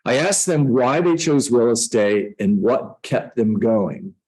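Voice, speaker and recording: A man's voice: medium pitch, expressive, takes it slowly, a little mellow, slightly rough, poor audio. A middle-aged man coaching real estate agents, teaching a class on a book in a conversational way, with self-mocking jokes.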